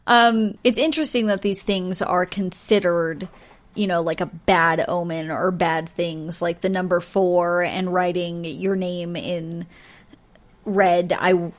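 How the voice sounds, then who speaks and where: A woman's voice: fairly low pitch, fairly even intonation, takes it slowly. Chatty woman hosting a podcast. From United States. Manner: chatty, with frequent fillers and laughs. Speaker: podcast host. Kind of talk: casual solo podcast chat.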